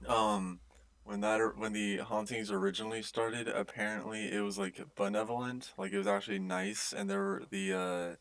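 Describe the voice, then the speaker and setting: A man's voice: lowish voice, animated, moderate pace, fairly bright tone, no echo. A young man co-hosting a podcast in casual chat, mostly chiming in briefly. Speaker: podcast co-host.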